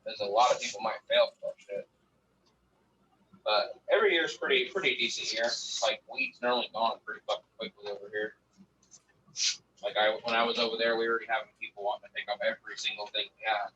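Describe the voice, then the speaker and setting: On a casual livestream, a guest grower swears freely as he rambles about growing, moving between figures and anecdotes. He speaks briskly in a lowish, steady voice with a sharp edge, recorded on a distant lo-fi mic with faint noise.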